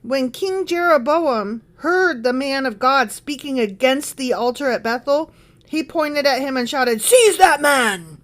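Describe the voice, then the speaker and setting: A woman's voice: sits high, measured pace, a bit bright. A woman co-hosting a casual Bible-study chat, reading aloud and joking with some swearing. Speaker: podcast co-host.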